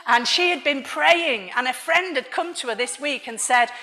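A middle-aged woman from Liverpool, giving an animated sermon with personal testimony and frequent laughs. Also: high voice, moderate pace. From Liverpool, England. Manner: animated storytelling, laughs often. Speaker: church speaker.

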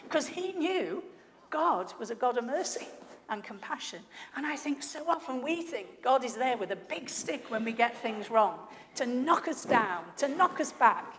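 A woman preaching a sermon, telling a story and swinging from hushed to loud. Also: fairly high pitch. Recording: echoey hall, faint noise.

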